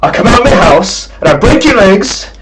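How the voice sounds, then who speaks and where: Man doing an aggressive Birmingham voice-chat gamer, loud and high, shouting threats over a cheap headset. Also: sing-song, moderate pace, over a noisy crowd. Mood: angry threatening. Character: angry male online voice-chat gamer, threatening. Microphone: cheap gaming headset mic.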